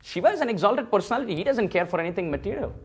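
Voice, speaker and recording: High-voiced man telling a temple story. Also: rapid-fire. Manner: animated storyteller acting out quoted dialogue. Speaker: temple speaker. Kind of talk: sermon storytelling. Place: temple hall.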